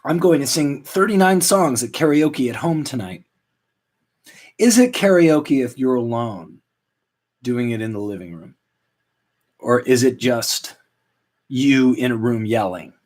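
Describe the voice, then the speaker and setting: A man in his late thirties hosting a solo comedy podcast, rambling in a deadpan, self-mocking way. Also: medium pitch, unhurried, pauses often. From Canada. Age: 30s. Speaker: podcast host. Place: at home.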